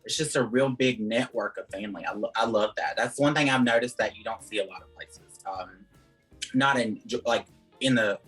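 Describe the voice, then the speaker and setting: Husky and fairly bright, his lowish voice moves at normal speed, carrying the Southern accent of his native Georgia. He chats casually as an interview guest, wandering through answers peppered with "um" and "like," over faint background music on a rough recording.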